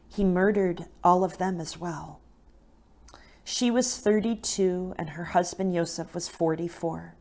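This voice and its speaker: A woman's voice: lowish voice, a little mellow. A woman telling a moving faith story in a casual, earnest way, with lots of fillers and asides, at times close to tears. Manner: earnest and emotional, many fillers and "right?". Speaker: guest speaker.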